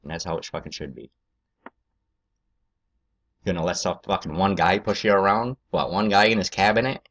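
A man's voice: low-pitched, moderate pace, fairly bright tone. A man hosting a political video, ranting angrily and rambling with heavy profanity.

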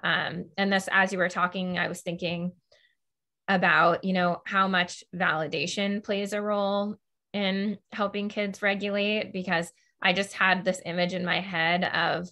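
A woman's voice: on the low side, fairly even intonation, a little slow, pushed and bright. A woman hosting a podcast interview, talking in a loose, chatty way full of "like" and "you know". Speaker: host.

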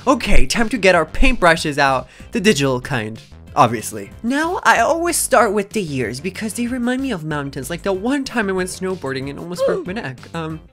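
A woman narrates a joke drawing tutorial in a mock-boastful, sarcastic tone. Her pitch swings widely and lively, over soft background music. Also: normal speed, hardly any pauses. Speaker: YouTube artist.

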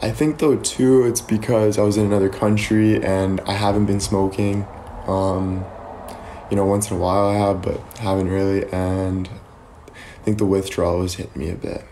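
Young male streamer, lowish mellow voice, laid-back rambling chat, faint hum behind. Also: moderate pace. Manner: relaxed, rambling, thanks viewers often. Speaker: live streamer. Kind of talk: casual live-stream chat.

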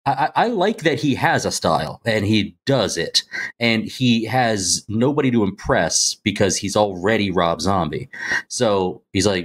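A man's voice: lowish voice, animated, measured pace. A man co-hosting a movie podcast, chatting casually and hesitantly with many restarts. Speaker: podcast co-host.

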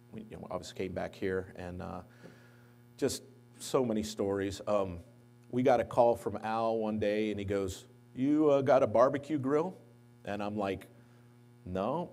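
Mellow-voiced man telling memorial anecdotes. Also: on the low side. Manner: anecdotal storytelling, lively when quoting others. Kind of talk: eulogy at a memorial service. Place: church sanctuary.

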